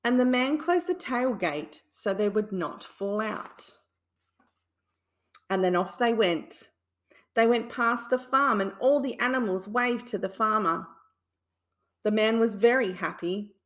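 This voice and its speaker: A woman reading a children's bedtime story aloud in a soothing, deliberate way. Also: a little high, fairly bright tone.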